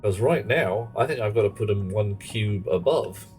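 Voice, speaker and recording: A man's voice: fairly low pitch, moderate pace, darkish tone, faint music behind. A man streaming a game, talking to himself and chatting asides as he works through it. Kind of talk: live gameplay commentary. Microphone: headset.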